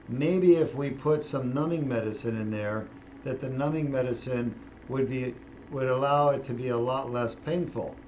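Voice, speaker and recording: A man's voice: mid-range voice, a little mellow. Middle-aged man, spine surgeon, casual and joking, slightly dull operating-room audio, faint hum behind. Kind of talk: explaining while operating.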